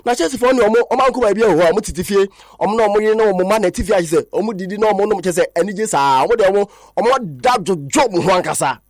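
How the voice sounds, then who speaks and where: A man presenting a radio sports news report in a lively, chatty way. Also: high-pitched, fast talker, few pauses.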